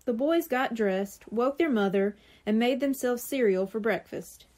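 A woman from a library reading a children's chapter book aloud with expressive, clear storytelling. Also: fairly high pitch, measured pace.

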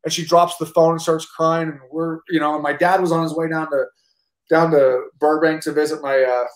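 A man in his thirties tells stories quickly and animatedly, tripping over his own words and dropping the odd swear word. His voice carries a noticeable room echo, like he is sitting in an untreated space, and he moves along briskly. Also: on the high side. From United States. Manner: animated, rambling with many restarts and casual swearing. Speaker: actor and army veteran, guest. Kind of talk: casual storytelling interview. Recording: roomy echo.

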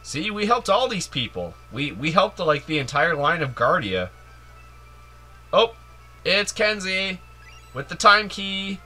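Man for a game let's play: giddy, jokey, unhurried talker with a somewhat high voice. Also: big pitch swings, pushed and bright, soft background music. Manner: playful, giddy, jokey, lots of "like" and "yay". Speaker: video game let's player. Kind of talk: casual gameplay commentary.

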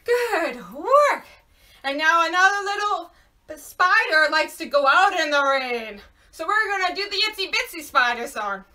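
A woman's voice: very high voice, very animated, measured pace, bright, forceful tone, distant mic. A young woman leading a children's storytime at home, singing and praising in a cheerful sing-song way, recorded a little away from the mic. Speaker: children's librarian. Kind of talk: storytime songs and rhymes for toddlers.

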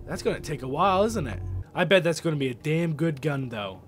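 A young man hosting a let's play, reacting out loud with lots of swearing and animated outbursts. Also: fairly high pitch, fairly quick, soft background music. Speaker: gaming video host.

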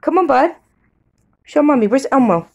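A mother coaxing her toddler with slow, sing-song questions. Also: high voice, animated, darkish tone.

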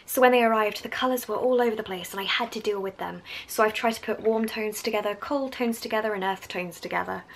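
A woman's voice: mid-range voice, fast talker, vocal fry, few pauses, a little hiss or hum, rough recording. Young English woman, strong Essex accent, bubbly vlogger who chats and wanders off on tangents. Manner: chatty and enthusiastic, going on tangents. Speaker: art vlogger. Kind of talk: casual vlog talk. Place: at home.

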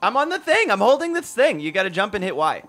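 Lively, bright-voiced man gaming and cheering. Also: high-pitched, fast talker. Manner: excitable, shouts and cheers during play. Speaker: gaming channel co-host. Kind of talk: casual gameplay chat. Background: game music.

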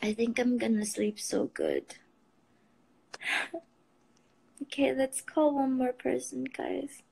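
A woman's voice: high voice, wildly swooping pitch, slow pace, vocal fry, a little mellow, breathy edge. A young woman hosting a live stream from her phone, chatting with fans in an emotional, giggly and teary way. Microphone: phone, video call.

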